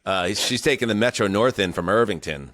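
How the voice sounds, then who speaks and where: A man's voice: lowish voice, fairly quick, fairly bright tone, no room sound, clean studio sound. A man hosting a sports podcast, wry and meandering with jokey asides. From New York area. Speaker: podcast host. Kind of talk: casual podcast chat.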